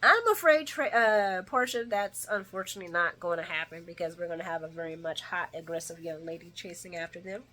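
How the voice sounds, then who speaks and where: A woman giving a casual soap opera recap, chatty and opinionated, her voice jumping between loud bursts and low asides. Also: brisk, hardly any pauses.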